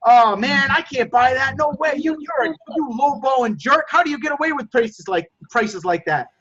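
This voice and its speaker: A man's voice: animated, moderate pace. A man putting on an outraged, insulting phone seller. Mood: indignant. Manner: shouting insults, high and strained. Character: irate adult phone seller, insulting and indignant. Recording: dull lo-fi recording.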